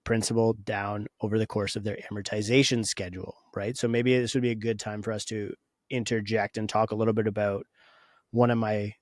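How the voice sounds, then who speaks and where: A man in casual podcast conversation with a somewhat low voice, sharing strong opinions. He thinks aloud, often breaking off and restarting his sentences. The sound is dry and close to the mic, with no room around it. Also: flat delivery, brisk, dry recording. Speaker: podcast co-host.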